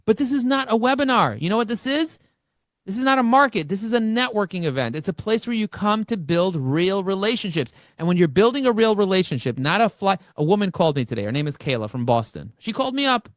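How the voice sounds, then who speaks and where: A man speaking as an interview guest, telling energetic stories and acting out both sides of conversations. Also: sits high, fast talker, dry recording, studio quality. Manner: animated, acts out dialogue with shifting voices. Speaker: podcast guest, marketing expert.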